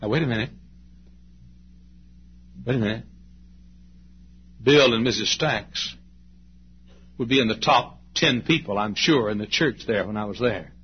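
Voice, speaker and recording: A man in his late fifties preaching a storytelling sermon in a church, swinging between loud passages and hushed ones as he tells the story. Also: mid-range voice, a little slow, long pauses, husky. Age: late 50s. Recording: dull lo-fi sermon recording.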